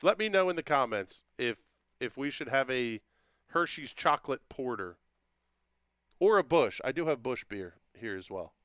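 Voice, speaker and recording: A man's voice: mid-range voice, animated, normal speed, a bit bright, smooth, dry recording, clean studio sound. A man hosting a casual livestream, joking as he reads out viewer comments and talks to them by name. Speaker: livestream host.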